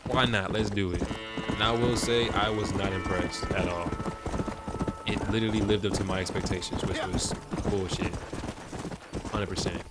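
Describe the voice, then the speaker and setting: Young guy streaming a game, kinda low voice, cussing and rambling to chat, loud horse hooves in the game audio. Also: steady tone, moderate pace, long pauses, heavy background noise. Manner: slangy, profane, rambling. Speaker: gaming livestreamer. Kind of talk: casual chat to a stream audience while playing. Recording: loud game sounds over the voice. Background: horse hooves and outdoor game ambience.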